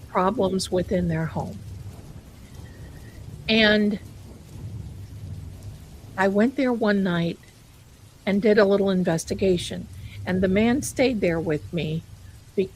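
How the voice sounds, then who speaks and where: Woman host, chatty live-stream storyteller, mid-pitched, faint rain behind. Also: slight background noise, poor audio. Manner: chatty, calls viewers "my darling". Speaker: host telling ghost stories.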